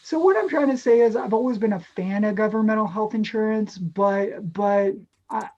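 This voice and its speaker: A woman's voice: mid-range voice, moderate pace, darkish tone, muffled recording. A woman wrapping up a stand-up set over a video call, telling jokes in a rambling, self-correcting way. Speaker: stand-up comedian.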